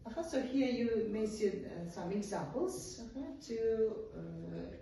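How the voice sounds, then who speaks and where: This English teacher, a woman with an Uzbek accent, lectures in an animated, unhurried, mellow medium-pitched voice, peppering it with "uh-huh" and "yes?" checks. She's heard from across an echoey classroom, with a little hiss or hum.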